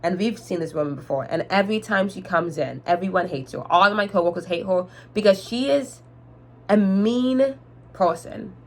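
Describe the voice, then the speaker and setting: A young adult woman telling a storytime vlog in an animated, chatty way, speaking straight to her viewers. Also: fairly low pitch, a little fast, hardly any pauses. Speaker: vlogger.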